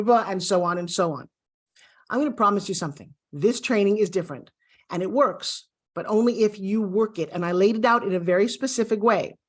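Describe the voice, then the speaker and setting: Upbeat woman coach teaching a video course, talks right to you, mid-range voice. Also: mid-range voice. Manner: upbeat, talks straight to the viewer. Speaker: course instructor.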